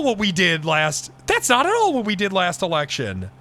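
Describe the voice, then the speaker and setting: A man streaming a roleplay game in character, ranting excitably and swearing a lot. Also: high voice, normal speed. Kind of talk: casual in-character roleplay chat.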